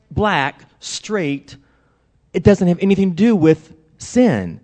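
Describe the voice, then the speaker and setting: A middle-aged man, a pastor, preaching a sermon and telling stories with acted-out quotes. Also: high-pitched. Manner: animated storytelling with acted-out quotes.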